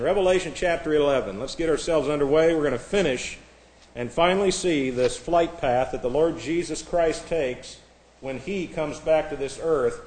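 A man preaching a sermon, telling stories and reading out joke lists, chuckling between them. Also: fairly high pitch. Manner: storytelling, chuckles between jokes; reads lighthearted lists aloud. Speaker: pastor. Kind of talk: humorous sermon.

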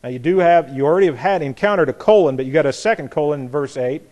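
A man's voice: a little high, animated, a little mellow. Man teaching a Bible class. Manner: deliberate, repeats words, asks the class questions; reads scripture aloud with stress on key words.

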